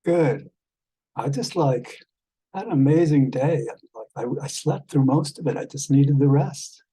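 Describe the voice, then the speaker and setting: A man chatting casually with an AI companion as a vlog host, rambling and halting with many fillers, tender with pet names. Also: medium pitch, expressive, mellow, breathy edge, low-quality recording. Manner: tender, calls the listener love and darling.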